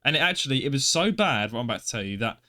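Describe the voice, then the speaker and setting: A man's voice: mid-range voice, expressive, rapid-fire, pushed and bright. A young man telling an embarrassing story on a podcast, self-deprecating and acting out his own reactions. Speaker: podcast co-host. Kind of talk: casual storytelling.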